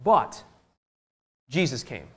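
A male preacher giving a sermon, reading scripture aloud and swinging between loud emphasis and hushed, drawn-out phrases. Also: mid-range voice, big pitch swings, husky. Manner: reads scripture in old-fashioned biblical wording.

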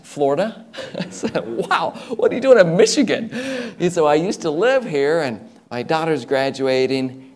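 Guy telling a story from the pulpit, mid-pitched voice, voices the other people in it. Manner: animated storyteller acting out quoted dialogue. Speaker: preacher. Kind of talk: sermon testimony storytelling.

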